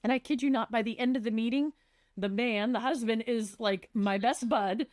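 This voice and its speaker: A woman's voice: fairly high pitch, moderate pace, a little mellow, no room sound, studio quality. A woman who works as a residential designer, chatting on a podcast and animatedly acting out conversations with clients.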